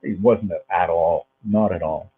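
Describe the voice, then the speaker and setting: Older guy telling stories in an interview, low husky voice, sounds like it's over the phone. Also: unhurried. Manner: rambling, repeats words, warm anecdotal tone. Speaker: guest actor. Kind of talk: casual interview storytelling. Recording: phone-like narrow line.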